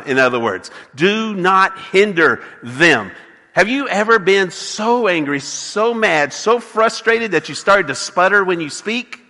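Preaching in a church sanctuary, a pastor gives his sermon in a high, bright, forceful voice. His delivery is emphatic, full of restarts after stumbles, with the story's characters acted out in quotes, and a long hall reverb hangs on every word.

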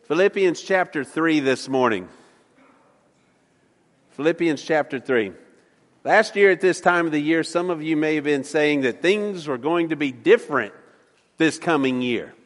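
A man's voice: a little high, measured pace, long pauses, long reverb tail. A man preaching a sermon, folksy and joking, often stammering and repeating words as he talks. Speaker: pastor. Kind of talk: sermon with jokes. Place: church sanctuary.

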